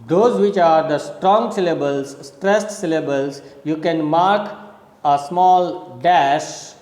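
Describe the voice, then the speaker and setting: A man's voice: a little high, a little mellow. A man giving a recorded college lecture, explaining step by step and repeating key words as he counts points aloud. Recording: echoey room with long reverb.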